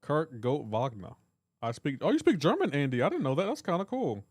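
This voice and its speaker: A man's voice: on the high side, big pitch swings, brisk, a little mellow, no room sound, clean studio sound. Joking man chatting on a live stream. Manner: joking, reads chat aloud. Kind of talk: casual live stream chat.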